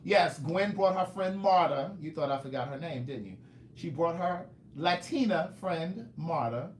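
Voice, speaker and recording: A man with a high, bouncing voice hosts a casual livestream, chatting playfully with viewers and calling them "niece". His voice swoops all over its range. The sound carries a roomy echo with a faint hiss behind it. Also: expressive, measured pace. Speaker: livestream host and author selling his books. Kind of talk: casual livestream chat reading viewer comments.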